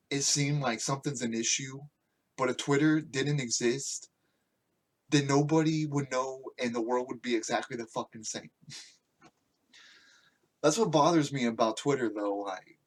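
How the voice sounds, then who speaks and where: A man hosting a podcast, ranting casually in a crude, mocking and profane way. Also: medium pitch. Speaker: podcast host.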